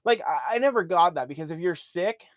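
An Ontario man hosting a podcast speaks in a high, expressive voice at a fairly quick clip. Recorded with studio quality and no echo, he loosely strings together casual, profane stories in a monologue.

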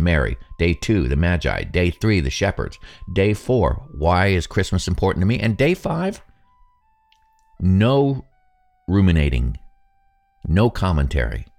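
A man's voice: sits low, darkish tone. A man in his sixties hosting a solo podcast, musing aloud in a conversational, self-deprecating way. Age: 60s. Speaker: podcast host. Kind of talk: reflective solo podcast monologue.

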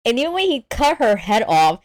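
Excitable woman on a movie podcast, laughs a ton, kinda high voice, dry sound. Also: fairly quick, dry recording. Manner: excitable, laughs a lot, swears casually. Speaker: podcast co-host. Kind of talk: casual movie review chat.

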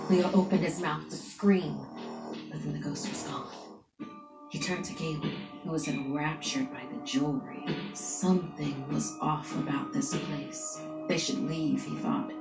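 A woman narrating a scary story in a hushed, dramatic way, with music playing behind her. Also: low voice. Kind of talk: scripted spooky story narration. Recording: echoey room with music behind. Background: background music.

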